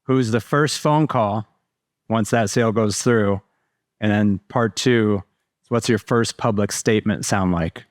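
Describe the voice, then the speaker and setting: A man hosting a live stage interview, asking questions briskly and setting up playful scenarios. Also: lowish voice, dry recording, studio quality. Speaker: interviewer host. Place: live event stage with audience.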